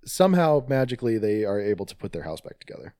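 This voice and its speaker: A man in his co-host seat talks with a lively, wide-ranging pitch. He jokes and mimics lines from films in casual chat. The recording is dry and close. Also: fast talker, clear, resonant tone, no echo. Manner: animated, jokey, acts out quotes. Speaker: podcast co-host.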